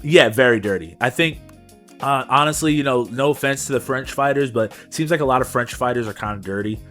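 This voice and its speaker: A man's voice: mid-range voice, fairly quick, fairly bright tone, soft background music. A young man co-hosting a podcast, recapping fights in casual, slangy chat and adding his own punch sound effects. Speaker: podcast co-host.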